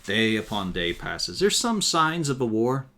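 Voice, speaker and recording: A man's voice: medium pitch, big pitch swings, measured pace, bright, forceful tone, slight background noise. Wry, swearing male game master. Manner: dry, wry narration laced with profanity. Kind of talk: narrating a tabletop game on a live stream.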